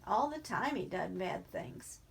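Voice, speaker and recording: A woman's voice: on the low side, sing-song, a little slow, gravelly, breathy edge, exaggerated voice. A woman reading aloud as a worried male ranch worker who talks urgently and pleads.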